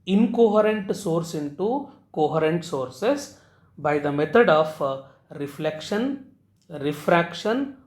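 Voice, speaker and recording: A man teaching physics, explaining step by step and pausing on "uh" before key terms. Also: fairly high pitch. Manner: halting, frequent "uh" before key terms, repeats phrases. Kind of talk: recorded physics lecture at a board. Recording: echoey room.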